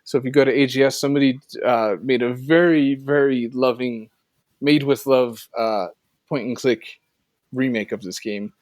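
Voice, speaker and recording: A man co-hosts a podcast in a relaxed, rambling way, often restarting his sentences. His voice sits at a middle pitch. The recording is close and dry, with no room sound. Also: normal speed, no echo. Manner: rambling, self-correcting, wraps up with offhand plugs. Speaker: podcast co-host. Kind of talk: casual podcast chat.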